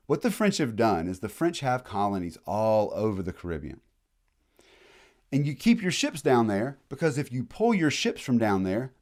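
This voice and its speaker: Animated casual male history lecturer. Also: on the low side. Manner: animated, slangy, acts out historical figures in quick asides.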